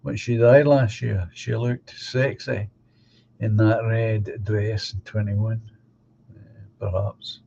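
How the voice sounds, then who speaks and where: A man's voice: on the low side, level tone, slow pace, vocal fry, mellow, highs cut off, a little hiss or hum. A middle-aged man with a Glasgow accent, chatting casually and bluntly as a livestream host reading out viewer comments. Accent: Glaswegian. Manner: blunt, opinionated, reads viewer comments aloud. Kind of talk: casual chat.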